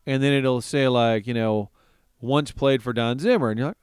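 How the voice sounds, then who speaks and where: A man's voice: medium pitch, fairly quick, clear, resonant tone, no room sound, clean studio sound. A man interviewing a fellow broadcaster in casual podcast chat, telling stories and acting out what people said. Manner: animated storyteller who acts out quoted people.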